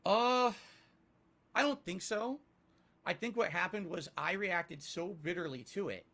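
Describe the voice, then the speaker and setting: A man answering interview questions candidly, self-critical and emphatic, rising to loud peaks. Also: sits high, a little slow. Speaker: interviewee, YouTuber.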